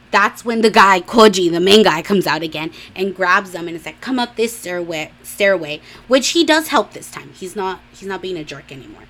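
A woman's voice: medium pitch, a bit bright. A young woman from a Mexican-American home, casually retelling a drama episode in a gossipy way, full of fillers and acted-out quotes. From Mexican-American household. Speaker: drama recap vlogger. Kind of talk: casual chatty drama recap.

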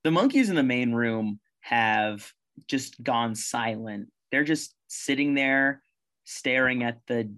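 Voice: medium pitch, expressive, slow pace, a bit bright. A game master narrating a tabletop game in a casual, rambling way, full of fillers.

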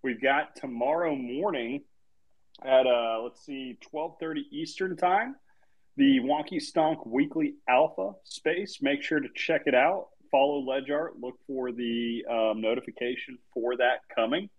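A laid-back man hosts a live online audio chat, talking loosely and casually at a medium pitch. His voice comes over a remote call. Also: measured pace, muffled recording. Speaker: host.

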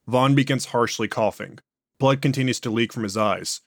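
A man's voice: medium pitch, normal speed, no room sound. Man narrating a horror report, dry sound.

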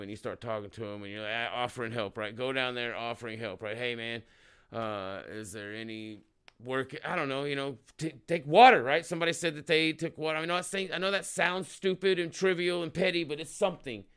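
A man from Oklahoma rants through his commentary, swearing freely and heatedly. His voice is bright and forceful, with a smooth, crisp clarity. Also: mid-range voice, steady tone, quick pace, hardly any pauses. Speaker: show host. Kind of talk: ranting commentary on a clip.

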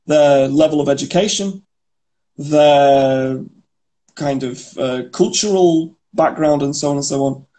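A man talks casually on a podcast, telling stories and explaining words along the way. His voice sits a little high for a man, with a mellow, unhurried tone. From England (Manchester). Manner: chatty, storytelling, explains idioms. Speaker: podcast co-host. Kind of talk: casual chat.

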